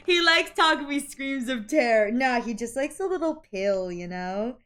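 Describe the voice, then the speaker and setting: A woman's voice: high voice, animated, slow pace, long pauses, fairly bright tone, faint music behind. Giggly, rambling woman streamer. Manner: rambling, giggly, swears casually. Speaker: art streamer. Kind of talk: casual live-stream chat while drawing.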